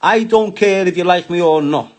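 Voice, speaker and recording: A man's voice: high voice, moderate pace, a little mellow. A middle-aged man with a Scouse accent from Liverpool, ranting crudely and mockingly on a live stream. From Liverpool, England.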